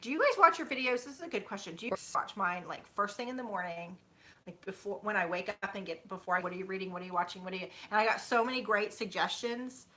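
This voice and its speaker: A woman's voice: mid-range voice, fast talker, bright, forceful tone. A woman in her thirties chatting casually with viewers at home, rambling with many fillers. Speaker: YouTuber. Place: home, sitting on a bed.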